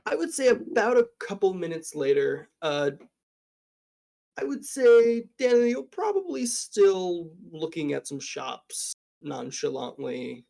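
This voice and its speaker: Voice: mid-range voice, very animated, unhurried, creaky, hardly any pauses, a little mellow. A game master narrating a tabletop game, improvising with frequent fillers.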